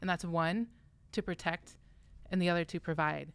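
A woman's voice: lowish voice, steady tone, moderate pace, creaky, smooth, no echo. A woman co-hosting a church podcast, chatting casually in an upbeat way and leading the discussion.

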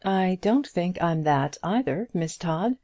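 A woman's voice: on the low side, lively intonation, slow, mellow, no room sound, clean studio sound, exaggerated voice. A woman voicing an earnest, modest, lonely single woman in an audiobook reading, in plain sincere tones.

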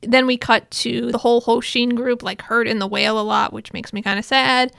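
A woman's voice: a little high, little pitch movement, brisk, gravelly, fairly bright tone, dry recording, clean studio sound. A woman casually recapping an episode, retelling scenes in a loose, chatty way with side remarks.

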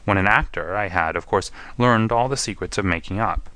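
A desperate, refined gentleman prisoner, as a narrator puts him on, pleading and anguished. The voice is low yet tense and bright at the edges. It is recorded dry and close. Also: fairly quick, dry recording.

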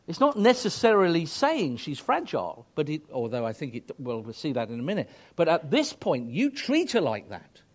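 A middle-aged man preaching a sermon to married couples, earnest and emphatic, rising to fervent exhortation. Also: high-pitched.

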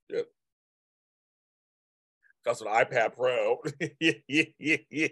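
An expressive man with a slightly rough mid-range voice hosts a livestream unhurriedly, leaving long pauses. He chats casually, rambling and repeating himself while responding to viewer comments, and there's no echo.

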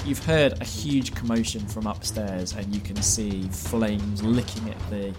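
A man running a tabletop game as game master, narrating in a quick, lively way full of fillers. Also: lowish voice, over music.

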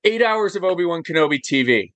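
A man talking as a podcast guest in casual chat, animated and emphatic, firing off rhetorical questions. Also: high-pitched, brisk, no room sound.

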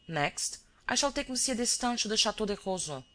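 A reader voicing a male detective who is cool and relentless, laying out accusations calmly and evenly. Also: mid-range voice, pitched above the performer's own voice, natural voice. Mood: measured. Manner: calm, measured accusations.

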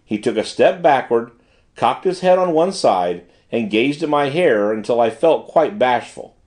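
A man's voice: mid-range voice, animated, a little slow, darkish tone. A man narrating an audiobook in the first person, in formal period prose. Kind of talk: scripted narration.

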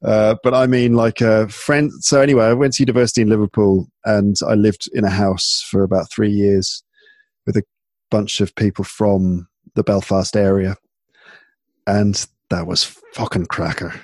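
A fairly low-pitched man from England, a podcast host and English teacher, talks at a moderate pace. His style is easygoing and chatty, peppered with fillers and restarts, in a recording free of room sound.

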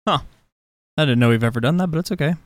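A man's voice: on the high side, fast talker, no room sound. A man co-hosting a podcast, giving brief reactions and laughing along. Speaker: podcast co-host. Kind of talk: casual podcast banter.

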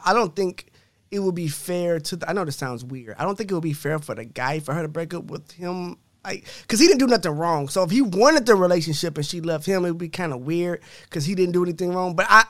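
Male podcast host, high voice, blunt and profane, dry close recording. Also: a bit bright, no echo. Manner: blunt, profane, laughs often. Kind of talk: casual chat reading comments.

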